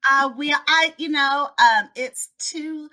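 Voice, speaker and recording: A woman's voice: sits high, takes it slowly, bright, forceful tone. A woman author chatting in an interview, telling a story animatedly and acting out the voices in her quotes. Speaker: children's book author. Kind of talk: casual interview chat.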